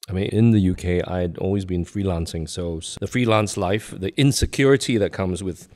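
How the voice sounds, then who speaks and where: An older Singaporean man, a guest actor in a casual interview chat, speaks with a low, darkish voice at a slightly fast pace. His accent is neutral international English with a slight British tint, and he's earnest and reflective, laughing softly between thoughts.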